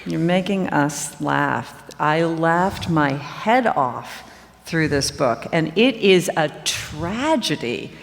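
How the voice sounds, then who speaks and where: A woman's voice: low voice, animated, slow, gravelly. A woman interviewing an author on stage, enthusiastic and effusive. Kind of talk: onstage conversation. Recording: long reverb from a hall.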